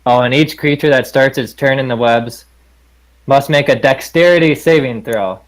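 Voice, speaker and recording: A man's voice: medium pitch, moderate pace, low-quality recording. A man playing in a tabletop game, talking hesitantly and reading spell rules aloud with small stumbles. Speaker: player. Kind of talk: casual tabletop play.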